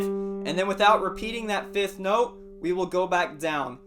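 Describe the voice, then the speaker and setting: A man teaching a singing warm-up lesson, explaining patiently and singing short demonstrations. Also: high voice, a little slow, over loud music. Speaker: music teacher.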